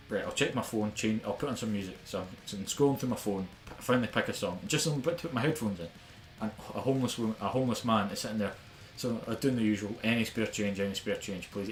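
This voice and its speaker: Fast, sweary young Scottish man. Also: lowish voice. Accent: Scottish, Glaswegian-tinged. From Scotland. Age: young adult. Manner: sweary, ranting storyteller. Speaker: podcast co-host. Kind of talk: casual podcast rant. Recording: echoey room with faint background noise.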